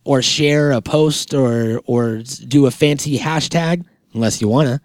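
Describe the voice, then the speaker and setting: A man hosting a podcast, rambling and joking through sponsor reads while high, laughing mid-sentence. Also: unhurried, no room sound, clean studio sound. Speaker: podcast host. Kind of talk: casual podcast chat reading sponsor spots.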